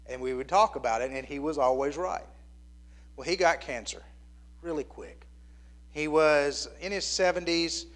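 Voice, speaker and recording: A man in his fifties preaching to his congregation with a slightly raised pitch. He talks plainly and conversationally, like he is sharing a personal story. At the most tender points his voice sinks to a hushed near-whisper. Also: moderate pace. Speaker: pastor. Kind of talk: sermon.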